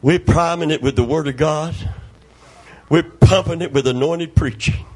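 A middle-aged man preaching from the pulpit, his voice husky and pitched a little high. He draws the congregation in with call-and-response and homespun stories, then swings into sudden shouts. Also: unhurried. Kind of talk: sermon.

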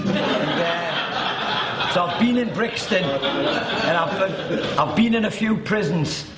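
A man's voice: high-pitched, lively intonation, takes it slowly, over a noisy crowd. A middle-aged man from Newcastle with a Geordie accent, telling his personal testimony in a chatty, joking way with many restarts. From Newcastle, England. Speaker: guest giving a testimony. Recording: roomy echo.

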